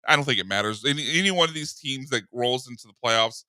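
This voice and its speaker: Man, sports radio host, very bright tone, dry studio sound, jokey and lively. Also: medium pitch, fast talker, no room sound. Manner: joking, animated, laughs often. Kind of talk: casual sports talk.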